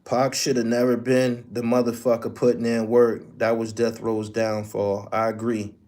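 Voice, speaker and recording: A man's voice: mid-range voice, completely flat delivery, moderate pace, warm tone. A man hosting a podcast, telling a story in blunt, profane, emphatic casual commentary. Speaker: podcast host.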